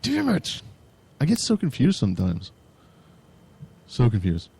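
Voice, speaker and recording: A man's voice: mid-range voice, huge pitch swings, a little slow, vocal fry, dark tone, breathy edge. A tired man co-hosting a casual podcast, goofy and swearing freely, slipping into mock DJ voices. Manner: goofy, jumps into mock radio-DJ and metalhead voices; swears freely, laughs a lot. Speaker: podcast co-host. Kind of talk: casual banter.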